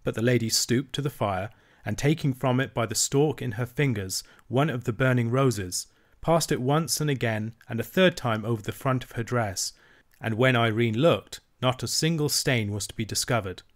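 Man reading a classic storybook aloud. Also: medium pitch. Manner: measured, even narration. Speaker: audiobook reader.

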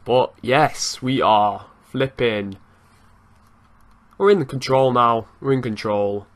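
A young man giving lively, excitable commentary over his own football video game match, swearing now and then and breaking into laughter. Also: mid-range voice, slow. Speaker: gaming youtuber. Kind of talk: live gameplay commentary.

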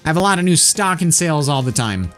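A man's voice: a little high, sing-song, fast, fairly bright tone, soft background music. A man voicing a male electronics shop owner who is salesy and evasive.

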